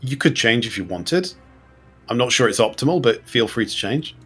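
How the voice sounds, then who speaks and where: A man running a tabletop game as game master, with relaxed, descriptive narration and rules asides. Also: mid-range voice, moderate pace, slightly rough, faint music behind.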